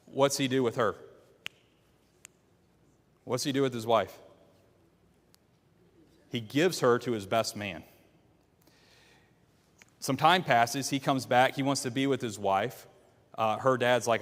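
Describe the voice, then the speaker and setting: In a hall with long reverb, a man teaches a church Bible class, retelling a story and questioning the class. His medium-pitched voice is a bit bright, unhurried, and full of pauses.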